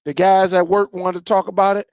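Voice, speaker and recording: A man's voice: high voice, brisk, smooth, no room sound, clean studio sound. A man hosting a tech channel, ranting casually to his viewers, grumbling and repeating himself. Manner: animated, repeats himself, grumbling football rant.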